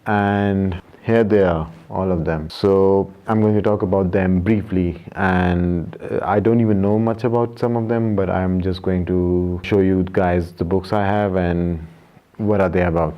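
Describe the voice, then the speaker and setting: A man's voice: steady tone, unhurried. A young man from Pakistan chatting casually about his books in a vlog, rambling with many fillers and self-corrections. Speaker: vlogger. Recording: muffled low-fidelity audio.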